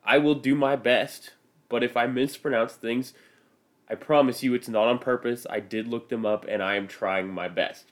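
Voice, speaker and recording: A man's voice: medium pitch, fairly even intonation, moderate pace. A man with a Midwestern American accent, hosting a history podcast and narrating from a script in a casual, self-deprecating way. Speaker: podcast host.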